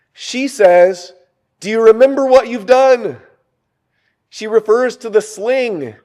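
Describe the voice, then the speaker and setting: Male preacher, high-pitched, lively sermon delivery, asks the room questions. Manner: animated, rhetorical questions to the congregation.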